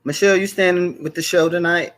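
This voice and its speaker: A man's voice: high-pitched, fairly even intonation, brisk, fairly bright tone. A man hosting a live stream show, chatting casually, greeting viewers by name and repeating his welcomes.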